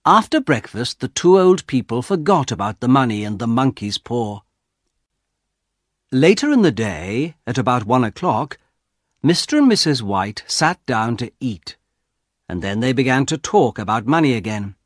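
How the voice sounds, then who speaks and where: A man narrating a graded-reader audiobook, slowly and with clear, expressive delivery on a close mic. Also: mid-range voice, dry recording. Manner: slow, clearly articulated, expressive.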